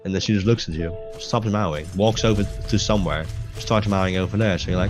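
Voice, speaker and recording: Deep-voiced young man, rambling gamer chat. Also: fairly quick, few pauses. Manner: rambling, swears a lot, many restarts. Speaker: gaming video host. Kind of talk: casual chat over gameplay. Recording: music playing clearly behind voice. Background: game music.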